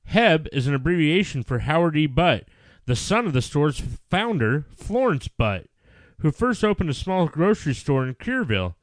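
A middle-aged man tells a family story in casual podcast chat, animated and full of swearing. His voice sits fairly high for a man. The sound is close and dry. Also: normal speed, no room sound.

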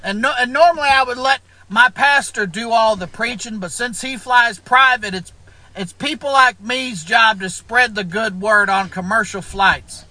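A man's voice: extremely high pitch, normal speed, bright, forceful tone, no room sound, heavily acted, poor audio. A man playing a preachy Christian who preaches to passengers on planes, in a stand-up comedy clip. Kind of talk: stand-up character bit.

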